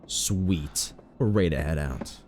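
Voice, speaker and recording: A man's voice: very deep voice, a little slow, darkish tone, soft background music. A man streaming a horror game with casual, sarcastic commentary, joking and swearing freely.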